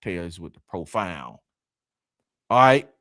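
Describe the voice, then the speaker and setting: A man's voice: low voice, takes it slowly, no room sound, studio quality. A man hosting a casual sports talk livestream, reading viewer comments in a loose, laughing way, dropping y'all and man. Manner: lively, laughing, Southern slang like y'all and man. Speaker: live stream host reading comments.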